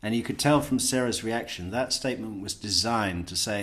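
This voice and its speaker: A man's voice: on the low side, moderate pace, few pauses, fairly bright tone. A man giving blunt, sarcastic commentary on an interrogation video, and breaking into mocking impressions of the people in it. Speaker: true crime commentator.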